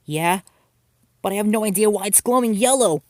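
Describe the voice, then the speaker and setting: A man voicing a bossy two-faced teen girl, raised pitch, lively swings, dry storybook voice. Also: normal speed, no echo. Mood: sweet. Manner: snapping, shouting. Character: hot-tempered teenage girl, two-faced bully.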